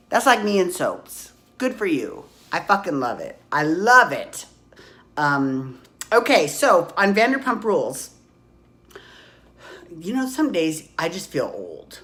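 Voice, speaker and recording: A woman in her forties recapping reality TV in a gossipy, profane, excitable way, recorded on a phone at home. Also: fairly low pitch, a little slow. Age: 40s. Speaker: podcast host. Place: hot room at home.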